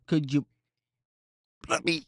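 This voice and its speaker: A young adult streamer in casual live commentary. The voice swings widely in pitch, and the delivery is unhurried and jokey. The recording is dry and close. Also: vocal fry, dry recording. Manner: excitable, chatty, jokey, addresses viewers as guys. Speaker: streamer reacting to esports races.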